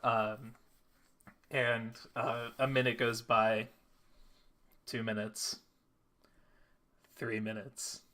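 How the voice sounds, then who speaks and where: Slow, halting game master man. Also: medium pitch, little pitch movement, sharp tone. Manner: halting, filler-heavy narration. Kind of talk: narrating a tabletop game.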